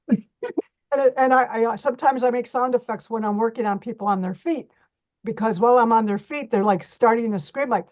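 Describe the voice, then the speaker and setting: A woman's voice: a little high, a little fast, a little mellow, dull audio. A middle-aged woman teaching an online reflexology workshop, chatty, often repeating and restarting her words.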